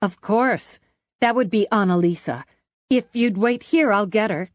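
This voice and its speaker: A woman's voice: mid-range voice, a little slow, dry recording, clean studio sound, voice pushed up, lightly acted. Woman voicing a chirpy, eager restaurant hostess. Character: bubbly young female restaurant hostess. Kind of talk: audiobook character voice.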